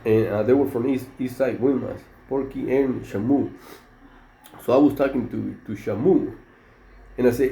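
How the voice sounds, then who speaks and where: With a creaky, warm, mid-range voice at a normal speed, a middle-aged Mexican man who was once in prison tells a casual, rambling story full of slang and fillers. The room echoes, and there's faint background noise.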